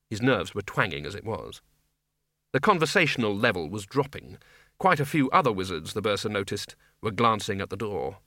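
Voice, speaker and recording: A man's voice: fairly low pitch, a bit bright, no room sound. Man narrating dry comic fantasy. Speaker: audiobook reader.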